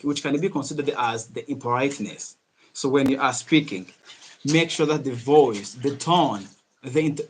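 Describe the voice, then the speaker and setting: A man's voice: medium pitch, a bit bright. Earnest male English teacher, live stream. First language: Kinyarwanda. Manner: earnest, repeats himself and restarts phrases.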